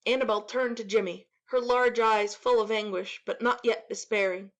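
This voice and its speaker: A woman narrating a classic story in a measured, expressive dramatic reading. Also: on the high side. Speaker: audiobook narrator.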